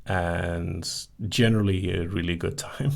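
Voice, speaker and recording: Male host, deep voice with some fry, casual live Q&A, reads questions then answers briefly. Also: steady tone, a little slow. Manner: reads out listener questions and answers them briefly, with light laughs. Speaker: hypnosis host.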